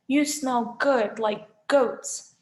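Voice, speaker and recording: A woman's voice: high voice, very slow. A woman voicing a huge, brutish, half-blind male Cyclops who bellows his demands. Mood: leering. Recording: echoey room.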